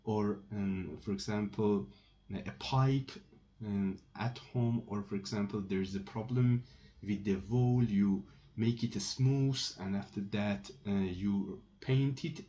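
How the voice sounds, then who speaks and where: Slow, mellow-voiced man teaching French. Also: fairly low pitch. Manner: slow and repetitive, restarting phrases often. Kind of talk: slow explanatory lesson. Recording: dull lo-fi recording with keyboard typing.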